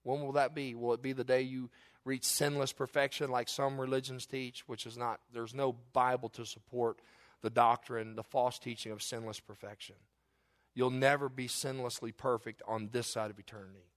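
A man preaching a sermon, telling stories in lively, emphatic bursts. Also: normal speed. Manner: animated storytelling with sudden loud high bursts. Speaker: pastor.

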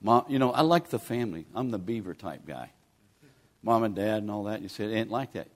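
A man's voice: fairly low pitch, lively intonation, brisk. A man, preaching a sermon in a folksy, pleading, conversational way as a guest preacher. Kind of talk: sermon with altar call.

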